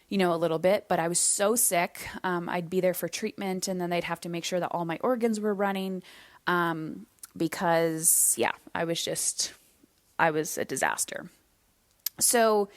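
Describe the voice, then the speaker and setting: A woman hosting a solo podcast, speaking in a candid, conversational way at a middle pitch. She slows down to stress key points. The recording is dry and close, with no room sound around her voice. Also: dry recording. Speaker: podcast host.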